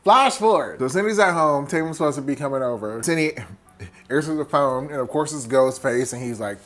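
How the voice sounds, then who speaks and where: Tipsy man doing a profane movie recap. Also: a little high. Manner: animated, profane, mimics characters in quick bits. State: tipsy from wine. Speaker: host.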